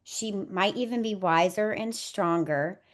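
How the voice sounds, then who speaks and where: A woman's voice: medium pitch, unhurried. A woman in her thirties, a doula and podcast guest expecting her first baby, speaking in an earnest, heartfelt, reflective way. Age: 30s. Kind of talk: podcast interview conversation.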